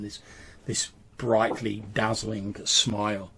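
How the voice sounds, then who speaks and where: A man's voice: fairly low pitch, steady tone, a little slow, creaky, breathy edge. A man narrating a tabletop role-playing game as game master, describing scenes with small hesitations.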